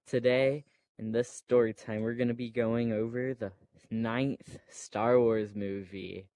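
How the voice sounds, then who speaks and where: Man, casual movie retelling, rambling, hesitant, slow, dry close sound. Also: medium pitch, fairly even intonation, a little mellow, no room sound. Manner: hesitant, meandering, many fillers and restarts; breaks off to make playful sound effects. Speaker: storyteller.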